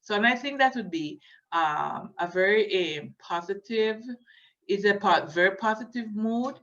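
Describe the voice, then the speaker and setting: A woman giving a lecture, hesitant and filling pauses, often checking in with her listeners. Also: medium pitch, a bit bright. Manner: hesitant, many fillers, checks in with "okay?". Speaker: linguistics lecturer. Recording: dull lo-fi recording.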